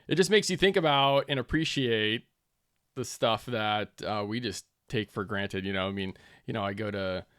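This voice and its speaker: A man's voice: on the low side, moderate pace, a bit bright, smooth, no echo, studio quality. A man hosting a casual podcast chat, easygoing and chuckling, with many fillers. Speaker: podcast host, fly shop.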